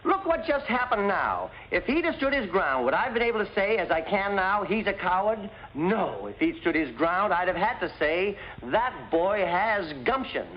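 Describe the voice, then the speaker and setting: An actor playing a hot-tempered middle-aged father in a 1950s sitcom, gruff and explosive. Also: high voice, very animated, normal speed, hardly any pauses. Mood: blustering. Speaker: father, businessman. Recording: dull lo-fi 1950s TV audio.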